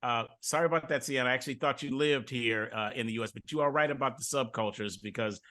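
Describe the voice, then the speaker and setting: Middle-aged male host from Detroit, bright edge, loose chatty storyteller who restarts often. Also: mid-range voice, fast. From Detroit, USA. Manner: repeats words and restarts often, relaxed storytelling. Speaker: podcast host. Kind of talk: casual interview chat.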